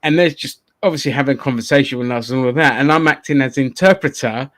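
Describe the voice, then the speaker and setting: A man at mid pitch hosts a loose, rambling podcast chat. He swears freely and laughs often. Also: quick pace, fairly bright tone. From London. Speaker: podcast host.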